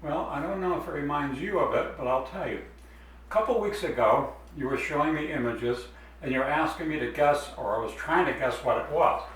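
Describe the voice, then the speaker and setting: A man's voice: a little high, brisk, fairly bright tone, very echoey, distant mic, poor audio. A man explaining step by step as he draws a design in a drawing demonstration. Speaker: art teacher.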